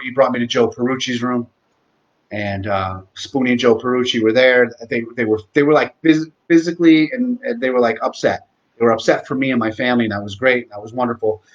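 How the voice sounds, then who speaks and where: Man telling a heartfelt tribute on a dull, lo-fi live stream. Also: mid-range voice. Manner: rambling, heartfelt, swears freely. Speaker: host. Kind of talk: casual live-stream talk.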